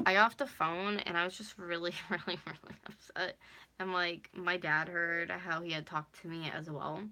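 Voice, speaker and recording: Young woman, twenties, casual storytime vlog, rambling with lots of "like", bright edgy tone. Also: fairly low pitch. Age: 20s. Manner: rambling, heavy use of "like", swearing. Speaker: vlogger.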